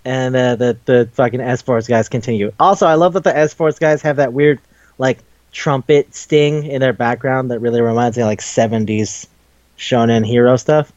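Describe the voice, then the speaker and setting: A man's voice: medium pitch, steady tone, normal speed, a little mellow, dry recording, muffled recording. A man casually retelling a cartoon episode, swearing, laughing and jumping into the characters' voices. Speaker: podcast host. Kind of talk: casual recap chat.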